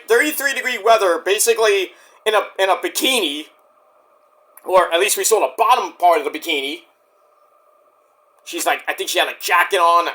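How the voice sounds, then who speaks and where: A man casually reviewing a wrestling show as he watches, swearing and acting out the wrestlers' lines. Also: high voice. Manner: excitable, swears, mimics wrestlers' promos. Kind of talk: casual live-watch commentary.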